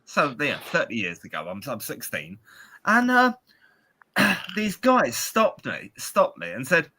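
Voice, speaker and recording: A man's voice: mid-range voice, huge pitch swings, unhurried, bright, forceful tone, slightly rough. A British man in his forties co-hosting a podcast, telling rambling, self-mocking stories in casual chat. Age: 40s. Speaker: podcast co-host.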